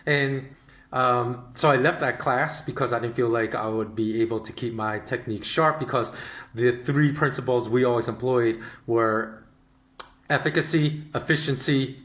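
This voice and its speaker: Man hosting a podcast, casual anecdotes, animated, roomy echo. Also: medium pitch, normal speed. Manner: animated, rambling, with frequent fillers. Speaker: podcast host. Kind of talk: casual storytelling monologue.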